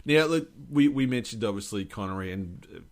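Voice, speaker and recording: A man co-hosting a casual film podcast, gushing with enthusiasm. His voice swings widely in pitch from low to high, and he trips over his words as he races to get them out. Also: expressive, brisk. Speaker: podcast co-host.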